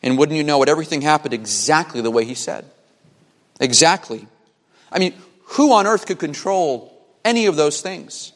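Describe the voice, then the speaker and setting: A man preaching a sermon as a pastor, emphatic, with dramatic pauses and repeated phrases. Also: on the high side, animated. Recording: long hall reverb.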